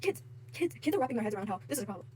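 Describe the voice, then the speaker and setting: A woman's voice: mid-range voice, very animated, racing, mellow, a little hiss or hum. A woman vlogger in a casual rant to camera, heated and frustrated, with lots of fillers and swearing.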